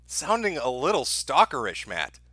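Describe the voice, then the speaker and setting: A man's voice: mid-range voice, huge pitch swings, normal speed, pushed and bright, slightly rough, no echo. A man hosting a livestream, mocking a played clip with profane, sarcastic commentary. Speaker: livestream host.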